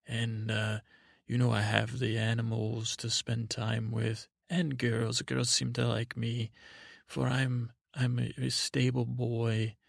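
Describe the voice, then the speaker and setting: Gravelly, meandering sleepy storyteller man. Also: medium pitch, no room sound, clean studio sound. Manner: meandering, halting, full of restarts and asides. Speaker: podcast host.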